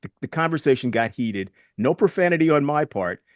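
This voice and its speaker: A man's voice: a little high, animated, brisk, dry recording, clean studio sound. A man in his sixties, a guest in an interview, telling stories earnestly and reflectively and retelling past conversations. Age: 60s.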